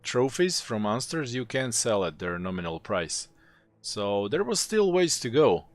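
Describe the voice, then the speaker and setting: A man's voice: mid-range voice, big pitch swings, unhurried, no echo. A man with a mid-range voice narrates a game story. His delivery rises and falls a lot, and he slips in dry, teasing asides. His tone stays wry throughout.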